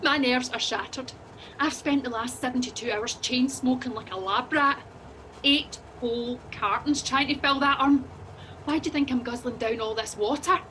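A high, bright-toned Scottish woman, frazzled and defensive, tearful and snapping in a comic audio drama. A faint hiss of noise sits under the voice. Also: moderate pace. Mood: flustered.

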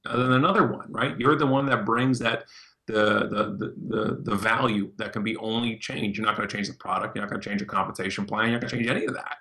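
A man, a podcast guest, telling stories in an animated way and often repeating words as he starts his sentences. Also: on the low side, quick pace. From Canada. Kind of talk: casual podcast interview.

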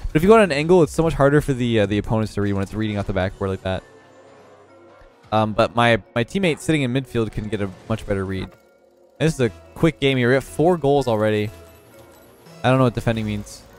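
A young man casually commentating his own match, relaxed and analytical, sleepy and yawning as he has just woken up. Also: fairly low pitch, brisk, soft background music.

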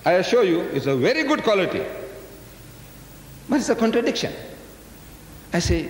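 At normal speed and in a high, sing-song voice, an older Islamic lecturer gives a public lecture to a live audience in a large hall. He's a folksy, teasing South African of Indian descent who often questions his listeners directly. The echoey 1980s live recording has a little hiss or hum.

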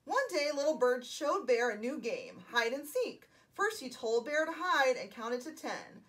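A children's librarian reading picture books aloud to young children, animated and enthusiastic. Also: female voice, high voice, a little slow, hardly any pauses. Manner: animated, enthusiastic and sing-song.

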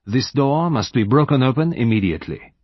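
A man voicing a stern, precise male detective who speaks with grave, measured authority. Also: mid-range voice, animated, slightly rough, dry recording, dull audio, pitched above the performer's own voice.

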